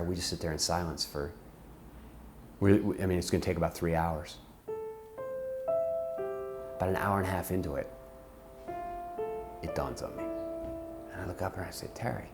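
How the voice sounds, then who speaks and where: A middle-aged man telling a personal story from his ministry work, intense and impassioned, acting out the people in it. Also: low voice.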